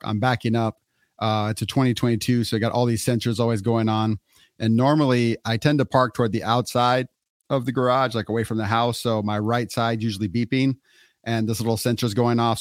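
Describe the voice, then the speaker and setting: A man's voice: mid-range voice, no echo, studio quality. A middle-aged man casually telling a story on a podcast, acting out what people said. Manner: animated storyteller acting out quotes.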